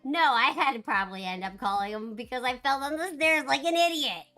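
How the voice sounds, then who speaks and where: A woman chatting casually with her live-stream viewers, animated and laughing often. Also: high voice, brisk.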